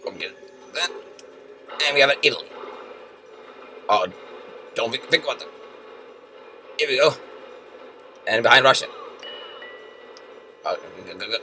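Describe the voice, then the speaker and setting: Excitable young gamer, bright lively voice. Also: male voice, mid-range voice, a little slow, pauses often, a little hiss or hum. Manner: excitable, shouts and yells at the game. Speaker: let's play gamer. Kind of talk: game commentary. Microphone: computer mic. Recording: music from the game in the background.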